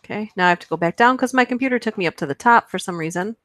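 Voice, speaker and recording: A woman's voice: mid-range voice, rapid-fire, fairly bright tone, no room sound. A woman hosting a casual livestream, chatting playfully with her viewers and laughing often. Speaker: livestream host. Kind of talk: casual live chat, reading movie quotes aloud.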